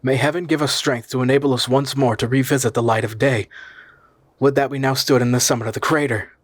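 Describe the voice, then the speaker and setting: A man's voice: medium pitch, fairly quick, dry recording, pitched above the performer's own voice, lightly acted. A man voicing a desperate young nephew who speaks urgently and pleadingly.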